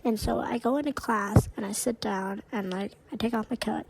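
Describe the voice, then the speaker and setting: A woman's voice: fairly high pitch, fairly even intonation, normal speed, very noisy. A woman co-hosting a podcast, chatting casually and recounting a story with lots of "like" in her speech. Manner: chatty, heavy use of "like". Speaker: podcast co-host.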